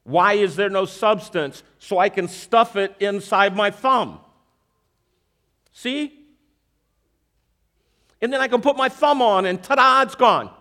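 A man with a high voice preaches slowly, leaving long pauses, and uses a magic trick as an object lesson. He is animated, often checks in with the audience by questioning them, and repeats verses for emphasis.

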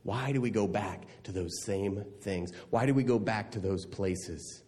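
A man preaching a sermon, animated and laughing at times, swinging between loud and hushed delivery. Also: fairly low pitch, a little slow, big-room sound. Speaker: pastor.

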